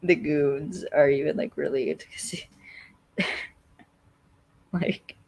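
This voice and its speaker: A podcast co-host casually recapping a TV episode, rambling and filling every pause with "like.". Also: mid-range voice, fairly even intonation, creaky, darkish tone, low-quality recording. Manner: rambling, constantly says "like".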